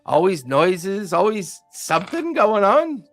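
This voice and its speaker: A man voicing a drunken, grumpy old man who has claimed a ruined tower, rambling and gruff. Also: high-pitched, big pitch swings, slow, a bit bright, soft background music, heavily acted.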